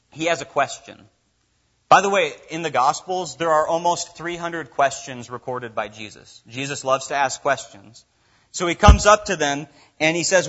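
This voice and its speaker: A man's voice: on the high side, fairly bright tone, lo-fi sound. A man preaching a sermon in a conversational way, with many casual fillers.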